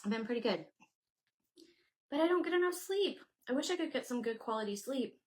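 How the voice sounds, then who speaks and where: A woman's voice: on the high side, lively intonation, a little fast. A woman hosting a casual crafting livestream, chatting away and thinking aloud as she works and answers her viewers. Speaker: craft channel host.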